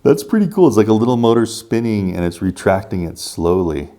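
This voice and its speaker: Guy with a deep mellow voice walking you thru a drone setup, pretty excited. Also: fairly quick. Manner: enthusiastic, talks viewers through each step. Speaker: tech reviewer. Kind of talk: casual product review.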